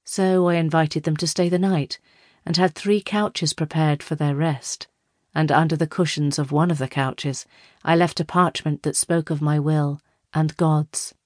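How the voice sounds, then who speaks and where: A woman voicing an aging male emperor who talks in a conversational, unhurried way, in a storybook reading. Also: low-pitched, steady tone, dry recording, clean studio sound. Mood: musing.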